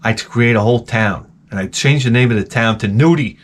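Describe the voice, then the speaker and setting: A man's voice: medium pitch, fast talker. Middle-aged guy hosting, cussing and rambling through funny stories, keeps restarting, mid-range voice. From Long Island, New York. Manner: profane, animated storytelling with many restarts. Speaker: host. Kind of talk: rambling comic monologue.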